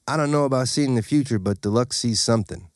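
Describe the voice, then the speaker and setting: An audiobook reader, a man, voicing a large, gentle, blind female dog who teases with a growl. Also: medium pitch, fast talker, dry recording, studio quality, natural voice. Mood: musing. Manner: teasing, growly.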